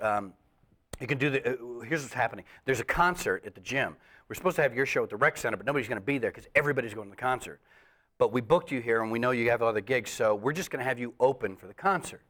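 A middle-aged man, a comedian guest, telling a stand-up story with lively acted-out voices and frequent laughs. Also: mid-range voice. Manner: animated storyteller, acts out voices, laughs often.

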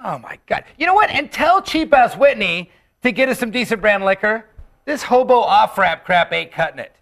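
Brief: a man doing a snooty diva, snide and insulting, high lively voice. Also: normal speed, exaggerated voice. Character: snooty, rude male show diva. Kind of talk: comedy sketch.

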